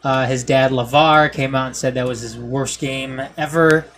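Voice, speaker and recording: Nasally midwestern dude hosting a sports show, easygoing, pokes fun at himself, bit of hiss in the background. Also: male voice, mid-range voice, fairly even intonation, moderate pace, fairly bright tone. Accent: Midwestern American. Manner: laid-back, self-mocking, reads headlines. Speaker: sports podcast host. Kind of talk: casual sports talk.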